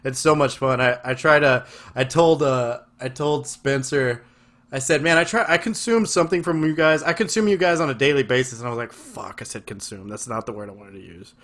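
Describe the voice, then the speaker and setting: A man's voice: medium pitch, a little fast, a bit bright. A man from West Texas hosting a podcast over a video call, chatting casually with effusive, profane enthusiasm. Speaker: podcast host. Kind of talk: casual chat.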